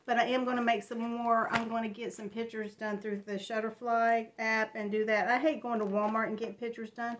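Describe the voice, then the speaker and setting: A woman in her fifties talking through tears in a personal home vlog, halting and restarting often. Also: on the high side, little pitch movement, a bit bright. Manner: halting, tearful, many restarts. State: crying. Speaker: vlogger.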